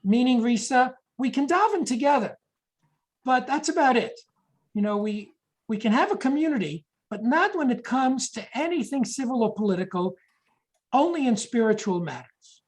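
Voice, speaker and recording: A woman's voice: a little high, lively intonation, normal speed, low-quality recording. A woman giving a history lecture, explaining points and reading quotations aloud, sometimes correcting herself mid-sentence.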